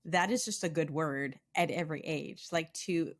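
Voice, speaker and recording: A woman's voice: low-pitched, normal speed. A middle-aged woman hosting a podcast interview, chatting casually with frequent laughs and many "like" fillers. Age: 40s. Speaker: podcast host.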